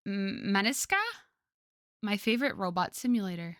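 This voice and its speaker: Bright, chatty young woman streamer. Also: medium pitch, expressive, normal speed, no echo, studio quality. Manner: chatty, laughs often, lots of fillers. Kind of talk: casual chat with viewers.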